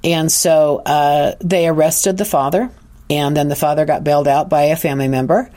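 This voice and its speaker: A low-pitched woman speaking at normal speed, an intuitive counselor by trade, earnestly tells a personal story on a podcast. Her retelling is animated, and she frequently restarts her sentences.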